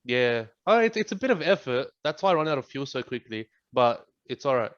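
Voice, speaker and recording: Deadpan young Australian man, lo-fi. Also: medium pitch, brisk. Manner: deadpan joking, animated storyteller. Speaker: guest. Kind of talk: casual chat. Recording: dull lo-fi audio.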